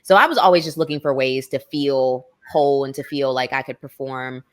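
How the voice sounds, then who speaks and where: Woman, thirties, low voice, casual podcast chat, animated storyteller. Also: a little fast. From Maryland, USA. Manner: animated storyteller, acts out quoted lines in a higher voice. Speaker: podcast guest.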